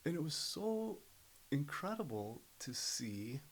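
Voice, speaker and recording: A middle-aged man, a podcast guest, telling stories in an earnest, animated way. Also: fairly high pitch, slow, slightly rough, low-quality recording. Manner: earnest, animated storyteller who acts out other people's voices. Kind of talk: casual storytelling interview.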